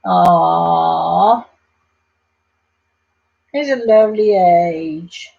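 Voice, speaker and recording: A woman's voice: medium pitch, a little slow, dull audio. A woman hosting a casual craft livestream, chatting and reading out viewer comments. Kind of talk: casual live chat while crafting.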